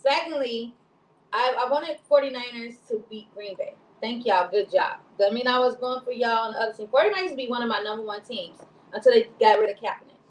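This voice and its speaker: A woman's voice: on the high side, brisk, roomy sound, a little hiss or hum, low-quality recording. A woman from Chicago co-hosting a casual talk show, rambling and laughing often. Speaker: co-host. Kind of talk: casual chat.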